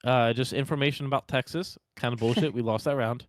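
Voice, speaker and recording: A man's voice: medium pitch, fairly quick, dry recording. Laid-back, swearing young man. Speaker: podcast co-host. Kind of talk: casual chat.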